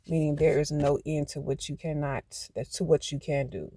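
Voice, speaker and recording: A man's voice: on the high side, level tone, normal speed, hardly any pauses, warm tone, no room sound. A man giving a channeled tarot card reading, emphatic and prone to getting hyped, then talking himself back down. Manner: emphatic, gets hyped, talks to self.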